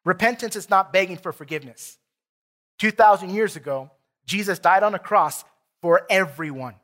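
A pastor with a Texan accent preaching an earnest, emphatic sermon in a church and reading scripture aloud. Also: male voice, sits high, normal speed, fairly bright tone. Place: church sanctuary.

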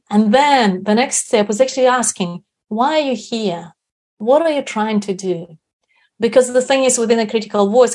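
A woman's voice: mid-range voice, darkish tone. Woman, podcast guest, reflective, explanatory, tag questions. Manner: reflective, often adds 'right?' tag questions. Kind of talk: explaining a self-help practice.

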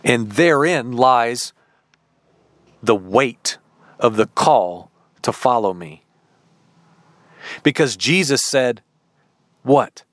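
A man preaching a sermon, telling a story slowly and dramatically and acting out the dialogue. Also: medium pitch, expressive, a bit bright, dry recording.

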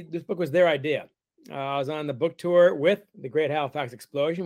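A middle-aged man, a guest author, telling stories in a wry, animated way during a casual interview. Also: a little high, dry recording.

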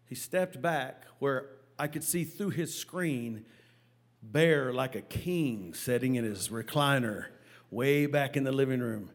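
A man preaching a sermon as a pastor, telling a story with animated, halting delivery and stammered repeats. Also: medium pitch.

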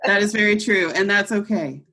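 A woman's voice: mid-range voice, fairly quick, pushed and bright, slightly rough. A young adult woman on a podcast, telling a story casually and acting out the voices of people she quotes. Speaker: podcast co-host.

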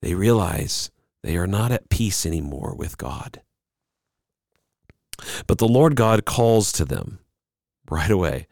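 A man preaching a sermon in an earnest, pausing way, sometimes acting out quoted lines. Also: deep voice, big pitch swings, creaky, darkish tone, dry recording, clean studio sound. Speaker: pastor.

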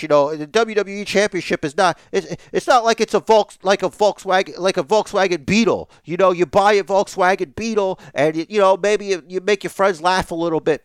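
A man's voice: high voice, normal speed, clear, resonant tone, no echo, studio quality. A middle-aged man co-hosting a casual wrestling podcast, ranting emphatically and swearing as he argues. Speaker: podcast co-host.

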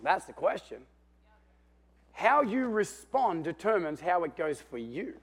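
A man preaching a sermon, telling the story with animation and swinging between loud and hushed while calling out for amens. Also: sits high, sing-song, unhurried, breathy edge. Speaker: pastor.

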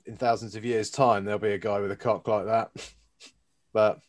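A man's voice: lowish voice, level tone, moderate pace. A man co-hosting a podcast, trading dry, joking banter in casual chat. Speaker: podcast co-host.

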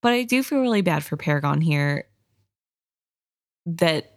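A woman's voice: low voice, lively intonation, a little slow, no echo, studio quality. Sympathetic woman chatting about a book. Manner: sympathetic, emotional. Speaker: podcast co-host. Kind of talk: casual book discussion.

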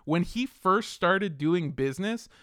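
A young man hosting a casual podcast, telling a history story in an animated way and swearing often. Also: high-pitched, unhurried, dry recording, studio quality.

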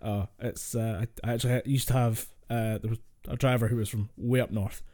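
Scottish male co-host, mid pitch, chatty storyteller who laughs easily. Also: steady tone, brisk, warm tone. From Scotland. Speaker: podcast co-host. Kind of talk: casual chat.

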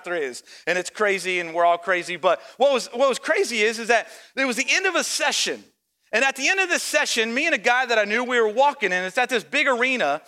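A young adult man preaching a sermon as pastor, telling a story and acting out quoted lines in a lower, softer voice.

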